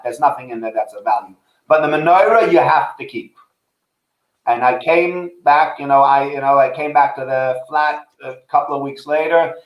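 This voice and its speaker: A man's voice: a little high, reverberant, poor audio. A man hosting a casual chat about faith, telling anecdotes and acting out the people in them. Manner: chatty storyteller, acts out quoted voices.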